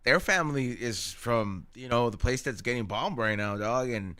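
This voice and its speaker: A man hosting a casual podcast, talking in slangy, excitable bursts and laughing often. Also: mid-range voice, normal speed. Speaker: podcast host.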